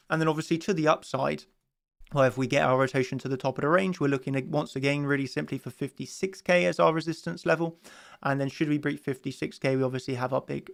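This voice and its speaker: A man's voice: mid-range voice, creaky, a bit bright. A man giving a rambling chart analysis of a crypto market, full of fillers and restarts. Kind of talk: casual chart analysis monologue.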